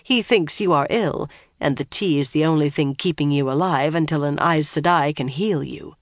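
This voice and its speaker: An audiobook narrator reading a fantasy novel in an even, steady way. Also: mid-range voice, moderate pace, dry recording, studio quality.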